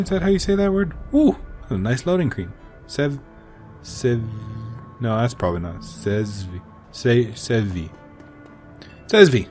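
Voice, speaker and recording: Animated, jokey male game streamer. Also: mid-range voice. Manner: jokey, animated, rambling asides. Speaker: let's play host. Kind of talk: game commentary.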